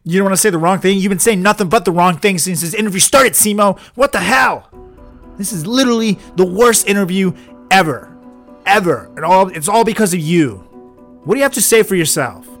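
A man's voice: high voice, lively intonation, brisk, fairly bright tone, faint music behind. A man hosting a podcast, scolding his guest in an exasperated, outraged comedy bit. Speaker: podcast host.

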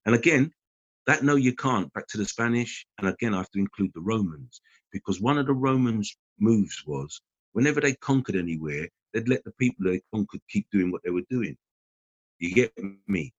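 Man, animated storyteller, low husky voice, dull lo-fi sound. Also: moderate pace, dry recording. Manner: animated storyteller acting out quotes. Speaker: guest. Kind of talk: casual rambling chat. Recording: dull lo-fi podcast recording.

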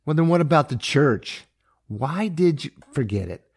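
Upset, pleading mother, pitched up high and gravelly, a man voicing her in a storybook reading. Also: animated, moderate pace, exaggerated voice. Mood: weary, pleading. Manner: pleading, exasperated. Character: distraught scolding middle-aged mother.

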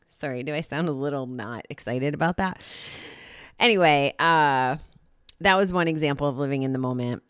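A woman's voice: rumbling low, moderate pace, smooth, no room sound. A young woman reading a daily recovery passage, then thinking aloud in a candid, rambling way with lots of "like" and restarts. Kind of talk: reading aloud then casual reflective talk.

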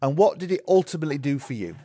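A man's voice: on the high side, very animated, very fast, mellow, no room sound. A male interviewer who chats freely and asks leading questions in a conversational interview.

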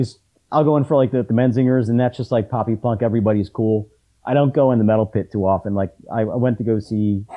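A middle-aged man chatting casually about concerts, often halting and restarting his sentences with ums. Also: medium pitch, warm tone, highs cut off. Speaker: punk fan in conversation. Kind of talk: casual chat.

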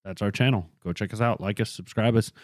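Low-voiced man, chatty podcast host. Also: fast talker, a little mellow, no echo, studio quality. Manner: chatty, rambling, self-deprecating. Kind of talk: casual podcast chat. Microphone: studio podcast microphone.

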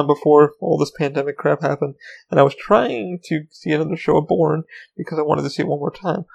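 With a fairly high, creaky voice and a darkish tone, a man in his thirties rambles through a casual solo podcast. He swears freely and keeps interrupting himself.

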